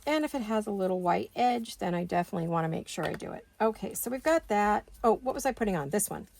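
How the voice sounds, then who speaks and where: Gravelly chatty woman crafting. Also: medium pitch, animated, quick pace, a little mellow, slight background noise. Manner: chatty, talks to herself while working. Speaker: craft video host. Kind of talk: casual crafting chat.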